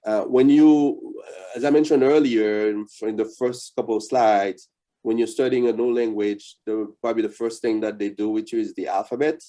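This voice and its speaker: A man's voice: fairly low pitch, fairly even intonation, moderate pace, warm tone. A man with a Haitian accent teaching an interactive beginner language lesson, patient and explanatory, with fillers and repeated words.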